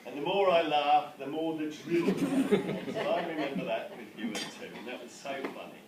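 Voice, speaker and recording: A man's voice: a little high, big pitch swings, normal speed, a loud crowd. A man giving a father of the bride wedding speech, joking and chuckling as he goes. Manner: joking, chuckling, gets emotional. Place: wedding reception hall. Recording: echoey hall from far off, loud ambience.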